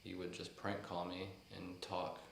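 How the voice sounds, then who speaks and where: Brief: deep-voiced young male podcast host, joking and teasing, echoey room with faint hiss. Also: monotone, a little slow, creaky. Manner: joking, teasing, laughs easily. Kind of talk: casual chat.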